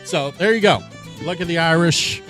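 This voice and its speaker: A man's voice: fairly high pitch, moderate pace, fairly bright tone, faint music behind. A man co-hosting a sports podcast, joking and rambling with lots of fillers. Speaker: podcast co-host. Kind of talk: casual sports podcast chat.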